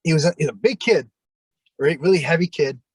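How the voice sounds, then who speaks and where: A man who used to wrestle, telling a backstage story as an interview guest, cursing freely and acting out his own shouts. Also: on the high side, fairly quick, breathy edge, dry recording, rough recording. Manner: animated, profane, acts out his own shouting.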